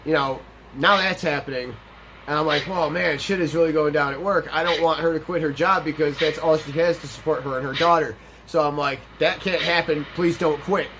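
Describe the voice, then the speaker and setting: A man's voice: a little high, steady tone, moderate pace, pauses often, fairly bright tone, slight background noise. Profane, rambling young man telling a story. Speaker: let's play host. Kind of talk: casual storytelling over gameplay.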